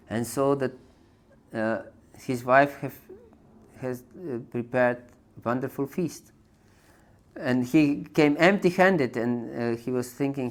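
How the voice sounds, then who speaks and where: Slow, halting male spiritual teacher. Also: mid-range voice. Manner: unhurried, halting with many fillers, chuckles often. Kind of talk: storytelling scripture lecture.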